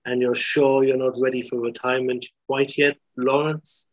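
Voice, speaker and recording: A man voicing a cool, self-assured female con artist with a crisp, teasing delivery. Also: mid-range voice, level tone, normal speed, no echo, natural voice, low-quality recording.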